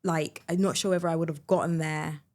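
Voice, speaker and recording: A woman hosting a podcast, a mother telling a personal story in a chatty, animated way. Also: low voice, brisk. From United Kingdom. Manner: chatty, animated storyteller, many fillers and restarts. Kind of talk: conversational storytelling.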